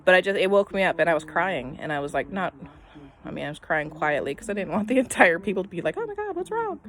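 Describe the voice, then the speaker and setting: A middle-aged woman telling a personal story in a casual, rambling way, full of "um" and "I mean", often trailing off softly at the end of her thoughts. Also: fairly low pitch, quick pace. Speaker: vlogger.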